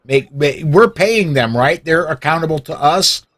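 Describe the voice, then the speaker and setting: A man's voice: a little high, animated, a little slow, fairly bright tone. A man hosting a political podcast in casual talk, who starts with hesitant restarts and then builds to emphatic points. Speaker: podcast host.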